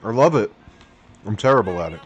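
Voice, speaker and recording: A man hosting a gaming stream, chatting casually in a relaxed, self-deprecating way. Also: lowish voice, a little fast, lo-fi sound, a little hiss or hum. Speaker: streamer host.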